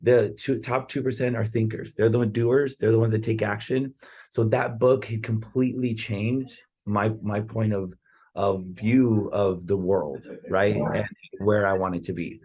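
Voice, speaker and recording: Low, husky man, casual motivational podcast talk, rambling and earnest, peppered with fillers. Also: fairly even intonation, a little slow, darkish tone. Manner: earnest, rambling, full of "like" and "right?". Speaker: podcast speaker on real estate and personal growth.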